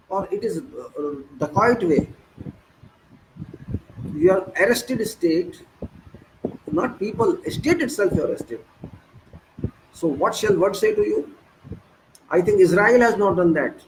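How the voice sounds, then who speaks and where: Indian English man, high-pitched, accusing political rant, faint noise behind. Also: poor audio. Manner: indignant, accusing, rhetorical questions, many restarts. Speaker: political commentator. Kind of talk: impassioned monologue.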